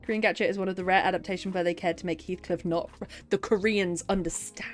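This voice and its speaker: A woman's voice: lowish voice, steady tone, fast, soft background music. A woman chatting casually on a live writing stream, answering her chat and laughing often.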